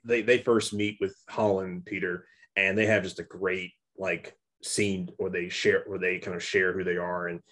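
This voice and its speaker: A young man co-hosting a casual movie review chat, talking in halting bursts full of restarts and repeats. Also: low voice, level tone, a bit bright. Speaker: podcast co-host.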